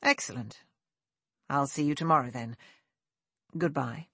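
A woman's voice: rumbling low, measured pace, breathy edge, no echo, full character voice. A woman reading a courteous young lord. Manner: formal, courteous and steady. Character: young aristocratic male lord, kind and assured. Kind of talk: audiobook character voice.

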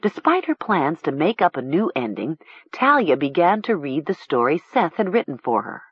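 A woman narrating a storybook in a measured, expressive way. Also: low voice, husky, dry recording. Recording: dull lo-fi recording.

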